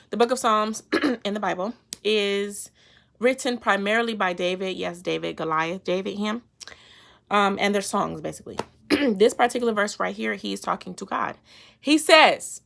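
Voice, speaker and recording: A woman hosting her own faith vlog, talking in a lively, playful, slangy way and laughing often as she explains a Bible verse. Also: mid-range voice, creaky. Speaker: faith vlogger. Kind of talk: casual devotional talk.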